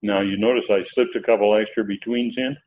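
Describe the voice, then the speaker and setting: A man teaching through Bible verses word by word, pausing often with filler sounds as he explains. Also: on the low side, steady tone. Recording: dull lo-fi recording with faint background noise.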